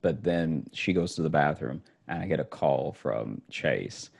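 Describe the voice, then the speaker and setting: Deep-voiced man telling a story. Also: measured pace, vocal fry. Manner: animated storytelling, acts out phone calls, laughs often. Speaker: storyteller on a podcast. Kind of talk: casual chat.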